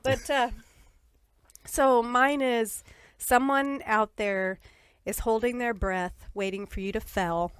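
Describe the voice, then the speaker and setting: Female podcast co-host, high and animated, giggly storyteller, dry mic. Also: slow, smooth, dry recording. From United States. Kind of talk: casual podcast chat.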